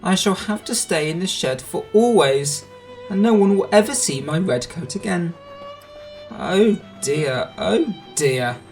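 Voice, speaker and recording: A man voicing a proud young red engine who is sulky at times and determined at others, speaking in a pleading, excitable way. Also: a little high, unhurried, faint music behind, heavily acted. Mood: sad.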